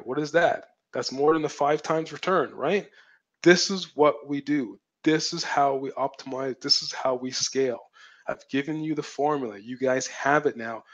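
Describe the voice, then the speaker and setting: A man leads a live webinar as a coach, hammering home points with repeated phrases and rhetorical questions. His voice is worn and fading, mid-pitched and ordinary. The stream audio sounds a little dull and lo-fi. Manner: emphatic, repetitive, rhetorical questions. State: losing his voice. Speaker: online marketing coach.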